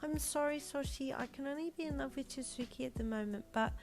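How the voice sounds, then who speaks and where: A woman voicing a bossy but sweet four-year-old girl in a high childlike voice. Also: fairly quick, soft background music.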